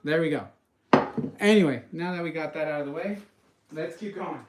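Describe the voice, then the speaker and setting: Chatty man with a slightly high voice. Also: normal speed, reverberant, faint music behind, low-quality recording. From western United States. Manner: rambling, chatty, wanders off topic. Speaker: cooking channel host. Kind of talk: casual live-stream chat.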